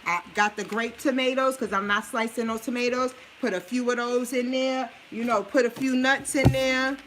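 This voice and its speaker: A woman's voice: fairly high pitch, fairly even intonation, moderate pace, fairly bright tone, a little hiss or hum. A woman with a New Orleans accent showing a meal plan in a home kitchen, talking straight to her viewers in a sassy, preachy way. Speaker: vlogger sharing a meal plan. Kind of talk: casual cooking demo and advice.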